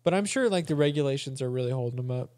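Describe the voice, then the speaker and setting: A man's voice: mid-range voice, lively intonation, racing, darkish tone, no echo. Man, podcast co-host, casual chat, joking, rambling, dry close sound. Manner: joking, rambling, laughs often.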